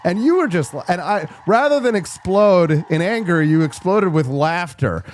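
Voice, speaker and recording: A man's voice: high-pitched, animated, normal speed, slight background noise. A man hosting an interview show, talking emphatically and often restarting his sentences. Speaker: show host. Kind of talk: interview conversation.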